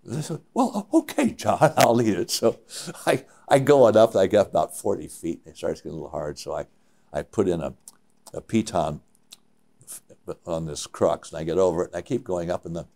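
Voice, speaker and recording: Older male climber, deep-voiced, spins lively anecdotes with stop-start phrasing. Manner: animated storyteller with halting restarts. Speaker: interviewee, mountaineer. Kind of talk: reminiscing interview.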